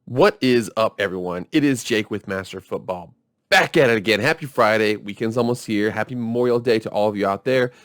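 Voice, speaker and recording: A man's voice: on the low side, brisk, clear, resonant tone, faint music behind. A man hosting his own sports video channel, talking in a casual, blunt and ranting way. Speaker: YouTube sports channel host. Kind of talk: casual vlog commentary.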